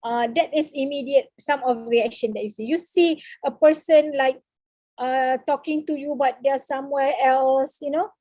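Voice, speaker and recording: High-voiced Malaysian woman lecturing haltingly. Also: fairly even intonation, mellow, dry recording. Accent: Malaysian English. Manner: halting, many fillers, mixes in Malay words. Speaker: counseling lecturer. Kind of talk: seminar lecture.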